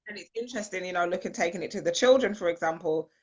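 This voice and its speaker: A woman's voice: on the low side, rapid-fire, dull audio. A woman host sharing personal stories in a reflective casual chat. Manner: reflective, storytelling, lively quoted voices.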